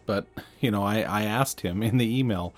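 A man's voice: fairly low pitch, normal speed, faint music behind. A man hosting a podcast, talking in a reflective, conversational way and chuckling at himself now and then. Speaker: podcast host. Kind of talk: casual chat.

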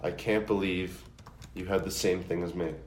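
A young man in casual podcast chat, rambling and animated, laughing often. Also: low-pitched, moderate pace, a little hiss or hum. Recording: echoey room.

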